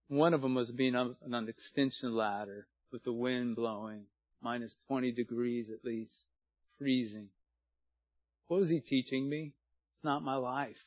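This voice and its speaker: A man's voice: medium pitch, lo-fi sound. A man in his sixties, a pastor, preaching a sermon in earnest, plain, folksy words. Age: 60s.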